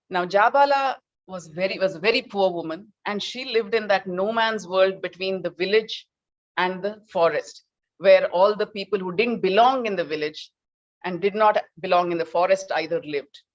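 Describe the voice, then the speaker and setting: A woman giving an animated storytelling talk, acting out characters. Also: lowish voice, highs cut off. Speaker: speaker.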